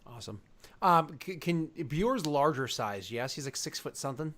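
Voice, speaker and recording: A man playing a tabletop game, chatting in quick, excitable asides. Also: on the high side. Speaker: player.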